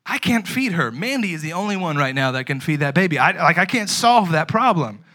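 A young man preaching a sermon, switching between lively storytelling and hushed, earnest moments. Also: a little high, brisk. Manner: animated preaching that swings between loud and hushed; casual, chatty storytelling with fillers. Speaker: pastor.

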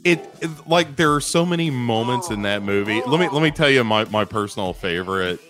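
A man co-hosting a podcast, talking over a film in halting, casual speech with sudden rises when making a point. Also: mid-range voice, expressive, over music. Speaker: podcast co-host. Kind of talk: casual movie review chat.

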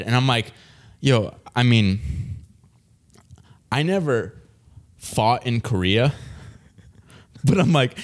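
A young man in casual chat, rambling through a story with lots of fillers and laughs. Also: mid-range voice.

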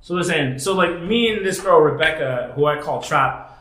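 Thirty-something male co-host, candid and rambling, slightly high voice, echoey room. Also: normal speed, sharp tone. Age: 30s. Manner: candid, rambling, with many restarts and fillers. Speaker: podcast co-host. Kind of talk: casual chat.

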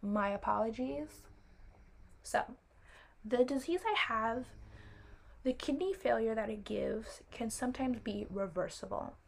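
Slow, vocal-fried young woman rambling. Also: fairly high pitch, gravelly. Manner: rambling, apologetic, wanders into tangents; chatty and animated, with playful asides. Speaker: vlogger. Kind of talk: casual storytelling to camera.

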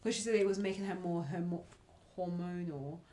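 A woman's voice: on the low side, fairly quick, warm tone. A woman co-hosting a podcast, chatting casually and reacting with lots of short agreeing replies. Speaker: podcast co-host. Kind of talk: casual chat.

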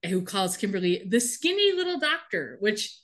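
A woman's voice: mid-range voice, normal speed. A woman co-hosting a podcast, casually recapping a TV episode and laughing often as she talks. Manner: animated, laughs often while telling. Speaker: podcast co-host. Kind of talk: casual chat recapping a TV show.

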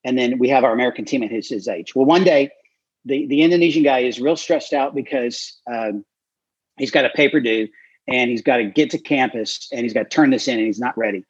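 A man, a guest author and missionary, telling stories in an interview with an animated manner and frequent fillers. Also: medium pitch, a little fast, slightly rough, no echo. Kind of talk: storytelling in an interview. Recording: dry, slightly dull recording.

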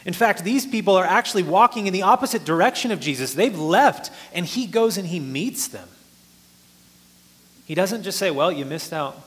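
Guy preaching a sermon, kinda high voice, earnest, pushes up when he makes a point. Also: animated, moderate pace, fairly bright tone. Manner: earnest, explanatory, rises for emphasis.

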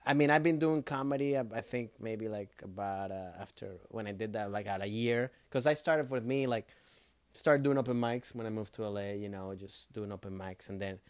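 A man of middle pitch, a comedian co-hosting a podcast. He chats in a loose, halting way with lots of fillers. The sound is dry and close. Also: darkish tone, dry recording. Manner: loose and hesitant, many fillers. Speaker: comedian co-host. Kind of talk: casual podcast chat. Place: studio couch.

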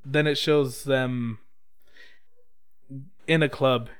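A young man in casual chat recapping an episode, excitable and swearing freely. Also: medium pitch, drawn-out words, clean tone.

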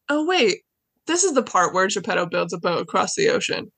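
A young woman in a casual podcast chat, rambling cheerfully through a story retelling with plenty of filler words. Her voice sits at an ordinary middle pitch, recorded close and dry with no room sound around it. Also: very animated, fairly quick, creaky, a bit bright, dry recording. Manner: chatty, rambling retelling with many likes and anyways.

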